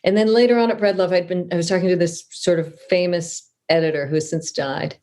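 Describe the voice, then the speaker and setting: Her voice sits on the low side, a touch fast and mellow, with fairly even intonation. She's a middle-aged author from Southern California, guesting on a casual interview where she chats through anecdotes, pokes fun at herself, and restarts a lot.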